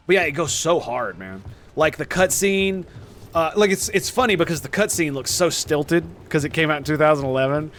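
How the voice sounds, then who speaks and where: A man streaming a video game, rambling with excited, profane commentary. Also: on the high side, moderate pace. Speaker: gaming streamer. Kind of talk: casual gameplay commentary.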